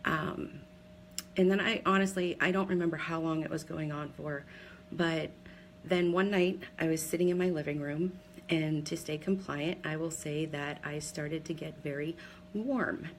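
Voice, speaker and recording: A woman in her forties from Pennsylvania talks through her own story on a casual live video, candid and rambling with plenty of ums. Her voice sits a little low. A faint hum runs underneath. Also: steady tone, measured pace, rough recording. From Pennsylvania, USA. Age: 40s. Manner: chatty and candid, many ums, laughs at herself. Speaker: direct seller sharing her story.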